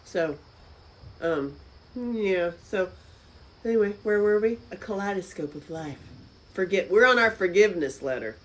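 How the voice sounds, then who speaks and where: A woman hosting a live stream from a friend's house, chatting casually with viewers, with loud exclamations and soft asides. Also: medium pitch, expressive, unhurried, pauses often, rough recording.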